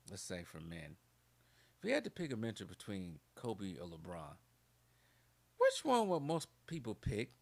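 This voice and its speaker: A man hosting his own channel, giving casual opinion commentary in an animated, ranting way. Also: mid-range voice, gravelly. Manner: animated, ranting, laughs often.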